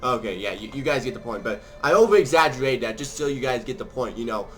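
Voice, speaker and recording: A man hosting a strategy game let's play, talking quickly and chattily to his viewers and playing with theatrical voices. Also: mid-range voice, expressive, faint music behind. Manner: theatrical, changes voices for fun. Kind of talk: casual gaming commentary.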